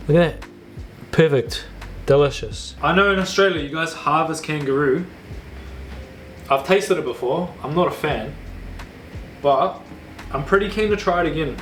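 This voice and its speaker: A man's voice: on the high side, moderate pace, pauses often, fairly bright tone, a little hiss or hum. A man talking casually through a home baking video, loose and chatty with slangy asides. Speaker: home cook. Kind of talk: casual cooking vlog.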